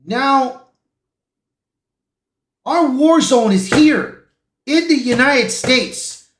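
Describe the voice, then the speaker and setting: A man's voice: extremely high pitch, animated, very slow, a bit bright, echoey room. A man hosting a live-stream reaction, talking emotionally and emphatically and repeating himself. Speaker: channel host.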